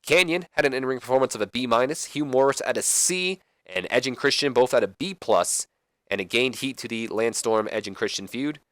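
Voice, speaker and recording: Brief: young male let's play host, mid-pitched, rambling casual commentary, dry sound. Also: a little fast, fairly bright tone, dry recording. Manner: rambling, hesitant, many fillers.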